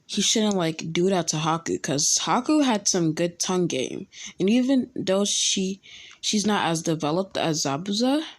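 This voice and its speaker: Young woman rambling through a fan story, lots of ums, slow and a bit low. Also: lively intonation. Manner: halting, full of ums and restarts. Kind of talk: casual fan-fiction storytelling.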